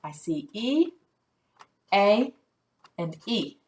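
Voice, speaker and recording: A woman teaching a phonics lesson to young children in a patient, clear teacher voice, sounding out letters one by one. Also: mid-range voice, big pitch swings, extremely slow, a little mellow.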